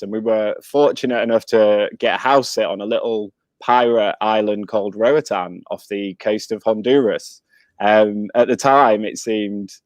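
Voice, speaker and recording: A man speaking as a guest in a casual webinar interview, telling his story in a relaxed way with frequent ums. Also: on the low side, no echo. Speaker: guest speaker, rum company director.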